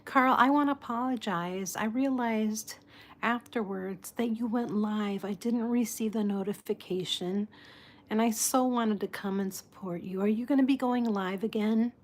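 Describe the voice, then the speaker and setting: A woman hosting a casual live chat with her viewers, soft-spoken and apologetic, greeting people and laughing often. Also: fairly high pitch, moderate pace. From United States. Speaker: livestream host.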